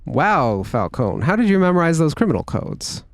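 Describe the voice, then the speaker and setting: A man's voice: fairly high pitch, sing-song, moderate pace, creaky, dry recording. A man co-hosting a let's-play video, chatting in an easygoing, agreeable way. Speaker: co-host playing a game. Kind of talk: casual let's-play chat.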